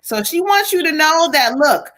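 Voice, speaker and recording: Bright-voiced woman giving a card reading. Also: sits high, moderate pace, slight background noise. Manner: animated, talks to spirit and viewers. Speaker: psychic reader. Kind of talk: live stream card reading.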